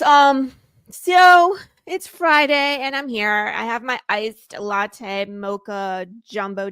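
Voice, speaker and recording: Bossy, whiny, entitled rich lady host played by a woman. Bright, higher voice, dry close sound. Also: dry recording. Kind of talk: comedy sketch show.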